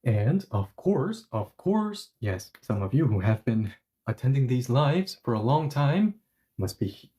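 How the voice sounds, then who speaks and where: Mellow-voiced man teaching grammar live. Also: medium pitch, very animated, unhurried. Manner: explains step by step, often apologizes and self-corrects. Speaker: Korean language teacher. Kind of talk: live-streamed language lesson.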